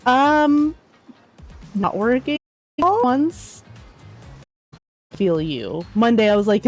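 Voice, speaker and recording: A woman's voice: fairly high pitch, sing-song, drawn-out words, long pauses. A young woman streaming a game, joking and swearing casually as she comments. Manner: profane, joking, giggly. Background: music.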